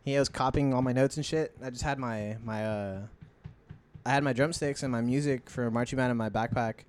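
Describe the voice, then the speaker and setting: A young man in casual chat, telling animated, profanity-filled stories. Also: mid-range voice, a little hiss or hum. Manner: fast, profane, animated storyteller.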